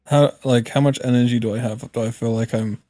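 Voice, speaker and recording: Casting note: male player, mid-pitched, crude jokes, dry close mic. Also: steady tone, brisk, mellow, no room sound. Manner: joking, crude, swearing. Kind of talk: casual tabletop play.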